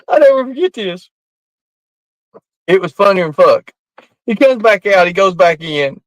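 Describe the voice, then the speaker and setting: High-voiced man spinning a yarn. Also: lively intonation, a little slow, dry recording, poor audio. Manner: rambling, laughing through the tale, coarse language. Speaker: storyteller. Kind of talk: casual spoken storytelling.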